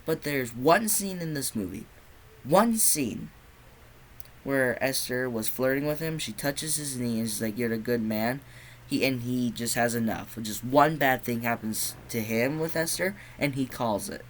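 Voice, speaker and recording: A man's voice: medium pitch, lively intonation, unhurried, a little hiss or hum, low-quality recording. Profane, sarcastic young man ranting. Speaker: movie reviewer. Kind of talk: casual spoken review.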